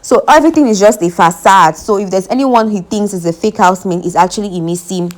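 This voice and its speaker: A young woman with a Nigerian accent talks in a loose, opinionated way, the way someone does when running a celebrity gossip channel. Her pitch sits right in the middle of the range. She speaks close to the mic in a relaxed, conversational tone. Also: quick pace. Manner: chatty, opinionated, reads out fan comments. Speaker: entertainment vlogger. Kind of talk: casual reality-show gossip commentary.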